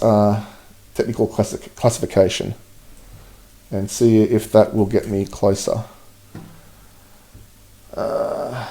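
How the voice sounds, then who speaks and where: A man with a relaxed, mellow voice talks through a live night-sky stream. He chats easily in a mid-range pitch, reads viewer comments aloud and laughs often between tasks. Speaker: livestream host.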